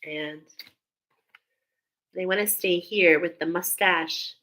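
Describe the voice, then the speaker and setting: Woman oracle reader, slow and bright, effusive, live-stream card reading with an American accent. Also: lowish voice, fairly even intonation, rough recording. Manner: effusive, exclaiming, laughing often.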